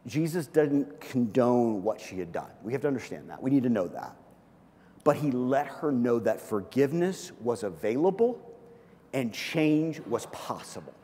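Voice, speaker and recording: A man's voice: medium pitch, sing-song, normal speed, warm tone. A man, a pastor, preaching a sermon in an earnest, conversational way, repeating phrases for emphasis. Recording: long hall reverb.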